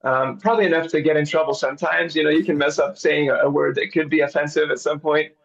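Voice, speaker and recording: A middle-aged missionary director, who grew up abroad as a missionary kid, chats easygoingly in a video-call interview and chuckles often. His voice is a little high, steady, quick, creaky and a bit bright. The recording is muffled.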